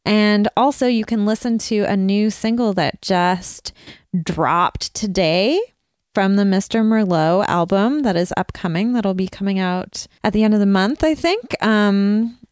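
A woman's voice: mid-range voice, unhurried, a little mellow, clean tone, dry recording, clean studio sound. A woman co-hosting a podcast, chatting casually and plugging her music with fillers. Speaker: podcast co-host. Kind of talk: casual chat.

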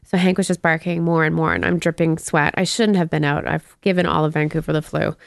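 Low, gravelly woman telling stories. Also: fairly quick, no echo, clean studio sound. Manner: storytelling, animated quoted voices, swears casually. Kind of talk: casual chat.

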